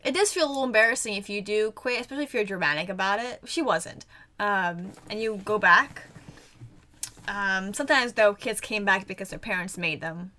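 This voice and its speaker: A woman's voice: mid-range voice, brisk, pushed and bright. A young woman chatting casually as she reacts to an anime episode, giggling often and trailing off into fillers. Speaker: anime reaction channel host.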